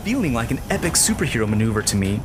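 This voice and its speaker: A man's voice: mid-range voice, sing-song, racing, over music. A middle-aged man narrating a comic, self-mocking first-person story.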